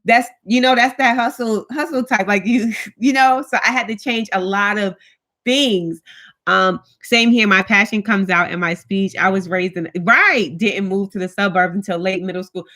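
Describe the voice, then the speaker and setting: Blunt, animated woman chatting live. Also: mid-range voice, moderate pace. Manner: talks with her hands, blunt and animated, reads viewer comments. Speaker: vlogger, stay-at-home mom. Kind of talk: casual live chat with viewers.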